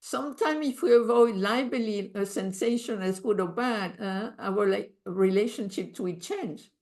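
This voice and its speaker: A woman's voice: medium pitch, normal speed, darkish tone. A woman with a French accent, a meditation teacher thinking aloud as she leads an online group session, with small slips in her English grammar.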